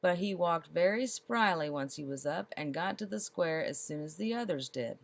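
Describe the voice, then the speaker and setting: A woman reads a children's story aloud, her voice sitting a little on the low side. She is expressive and slows down to savor the comic details. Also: gravelly, dry recording.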